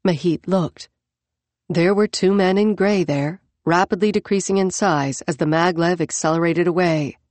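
A woman with a somewhat low voice reads a novel in a measured, even way. The studio sound is dry and close, with no room around her. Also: dry recording. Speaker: audiobook narrator. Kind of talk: scripted narration.

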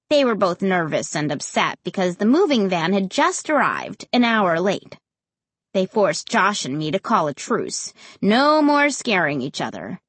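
A woman reading a first-person storybook aloud in an expressive, dramatic way. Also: medium pitch, no room sound. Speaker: audiobook narrator.

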